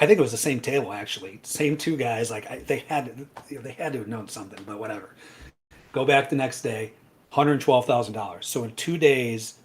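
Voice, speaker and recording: A man's voice: on the low side, slight background noise. Chatty man telling a story. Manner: animated anecdote telling, frequent "right?" and "I'm like". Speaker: trading educator guest. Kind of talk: casual storytelling.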